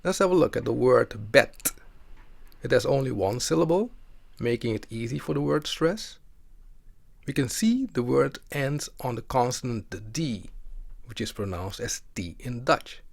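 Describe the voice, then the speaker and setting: A man teaching a pronunciation lesson in a deliberate, explanatory way. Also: medium pitch, expressive, vocal fry, no room sound. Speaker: language teacher.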